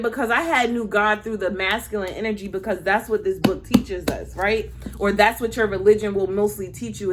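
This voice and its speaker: There's a slight hiss or hum behind this woman's medium-pitched voice. Once a schoolteacher and now a spiritual teacher, she talks casually and openly to her viewers, cursing and laughing frequently and calling them "y'all."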